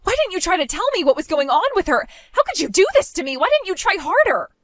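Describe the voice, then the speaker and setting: Actress playing a self-absorbed bride, high lively voice, whiny and demanding, dry close sound. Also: female voice, fast, dry recording, heavily acted. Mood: disbelieving. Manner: whiny, pleading, self-centered. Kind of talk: dramatized story voice acting.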